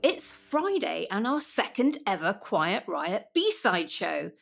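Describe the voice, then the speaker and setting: A woman's voice: mid-range voice, sing-song, takes it slowly, creaky, faint music behind. Upbeat female podcast host. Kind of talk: podcast intro and interview.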